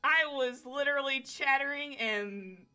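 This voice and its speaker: A young woman streaming a game live from home on a desk mic, excitable, swearing freely and talking to her chat. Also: sits high, unhurried.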